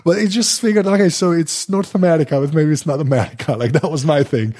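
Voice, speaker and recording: A non-native English-speaking man hosts a relaxed interview, stumbling over words and restarting often. His voice is husky and sits fairly high for a man. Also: fast. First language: not English. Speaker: podcast host. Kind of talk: casual interview talk.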